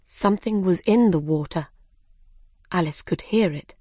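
A woman reading a children's story aloud in a simple, measured way. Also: fairly low pitch, dark tone, slightly rough, dry recording, studio quality. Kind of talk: scripted narration of a children's story.

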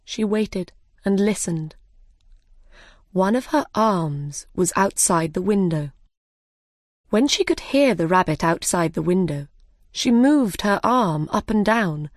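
Slow storybook reading by a woman. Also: medium pitch, dry recording, clean studio sound. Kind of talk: slow storybook read-aloud.

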